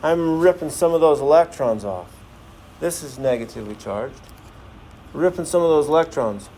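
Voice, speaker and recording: A man's voice: fairly high pitch, animated, normal speed, warm tone, a little hiss or hum. A man teaching a science class, firing questions at the students and joking as he runs a demonstration in a classroom. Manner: asks the class many questions, jokey.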